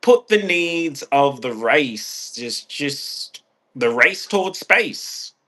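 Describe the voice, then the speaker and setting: A man's voice: fairly high pitch, lively intonation, slow, pushed and bright. A man with a stuffed-up nose, rambling and ranting in a casual vlog, swearing freely and restarting his phrases. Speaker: vlogger.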